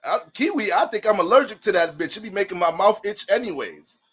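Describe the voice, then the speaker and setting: High-voiced, profane casual man. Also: animated, a little fast, a bit bright, husky. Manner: loose, profane, joking, addresses viewers as family. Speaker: astrology reader. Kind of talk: casual astrology talk with storytelling.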